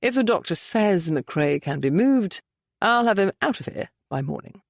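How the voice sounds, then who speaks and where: A woman voicing a calm, commanding older male duke who speaks flatly and with dry authority. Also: medium pitch, normal speed, creaky, no echo.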